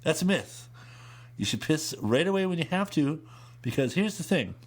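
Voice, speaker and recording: A man's voice: a little high, normal speed. A man co-hosting a casual podcast chat, telling rambling, profane stories with lots of energy in a home studio. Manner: rambling, profane, animated storyteller. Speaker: podcast co-host.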